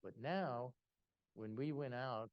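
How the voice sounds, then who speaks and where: An older man telling a personal story to a gathering, animated and full of restarts. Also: medium pitch, slow pace, dry recording, muffled recording. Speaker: invited speaker.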